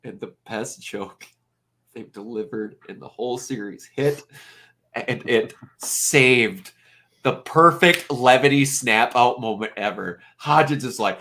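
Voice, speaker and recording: Man, host of a review chat: excitable, swears, bright forceful voice. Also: mid-range voice, takes it slowly. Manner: excitable, emotional, swears freely. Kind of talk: casual film review chat.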